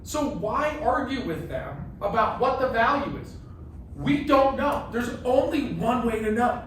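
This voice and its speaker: A man running a casual real estate training workshop, animated and joking, often asking "right?". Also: very high-pitched, unhurried. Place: classroom with a group. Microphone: phone camera from across the room. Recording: very echoey room, distant, faint hiss.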